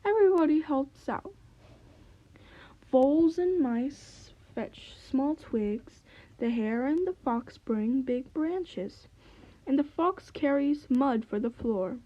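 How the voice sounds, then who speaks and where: A woman reading a children's story aloud, gentle and clear. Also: high-pitched, expressive, slow pace, dull audio.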